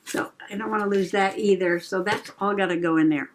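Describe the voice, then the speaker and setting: A woman's voice: mid-range voice, fairly even intonation, slight background noise. A middle-aged woman from the United States hosting a journaling video, chatting casually and giggling as she crafts. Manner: chatty, giggly, slow and rambling. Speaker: journaling channel host.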